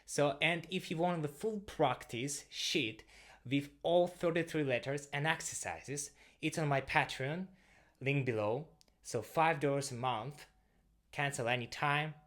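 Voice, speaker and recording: A man's voice: a little high, measured pace, fairly bright tone. A young man with a Russian accent teaching an online language lesson, explaining step by step as he writes. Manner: explains step by step, writing on a board.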